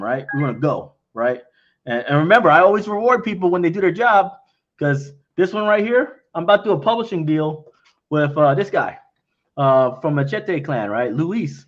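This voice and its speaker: Blunt, frank man on lo-fi audio. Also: a little high. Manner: blunt and frank, acts out quoted exchanges. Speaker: company founder answering investor questions. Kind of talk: casual livestream Q&A.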